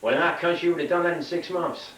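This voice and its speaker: Man playing a loud, high-voiced, bragging tourist, echoey and distant. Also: fast, close to an everyday voice. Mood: boastful. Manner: boastful, nosy. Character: boastful American male tourist.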